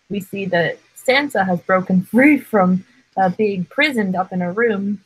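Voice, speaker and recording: A woman's voice: fairly low pitch, husky, low-quality recording. A woman in a casual fan discussion of a TV episode, rambling and filling her talk with "like". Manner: rambling, heavy use of "like".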